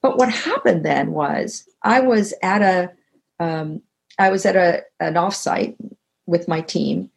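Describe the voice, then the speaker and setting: Taking it slowly in a fairly low, creaky voice, an older author and teacher reflects during a video-call interview. She relates anecdotes conversationally and becomes animated when repeating what others said.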